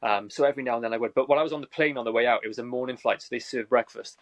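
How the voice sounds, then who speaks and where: A man with a Welsh accent from South Wales, a movie reviewer telling energetic stories as a guest on a video call. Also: medium pitch, racing, no room sound. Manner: energetic storytelling. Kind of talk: casual chat.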